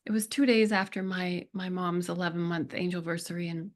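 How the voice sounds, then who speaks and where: Middle-aged woman, podcast guest, earnest and heartfelt, slow reflective pauses. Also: on the low side, fairly even intonation. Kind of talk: conversational interview.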